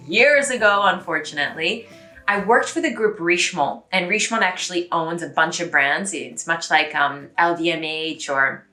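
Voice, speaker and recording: A young American woman giving a casual pronunciation lesson, chatty and repeating words slowly to drill them. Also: fairly low pitch, bright, forceful tone, faint music behind. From United States. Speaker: language teacher.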